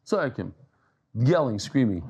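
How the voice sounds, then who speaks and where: A man giving a daily Talmud lesson in a lively, conversational way, telling jokes and stories and mixing Hebrew and Aramaic terms into his English. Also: medium pitch, unhurried, breathy edge. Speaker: Talmud lecturer.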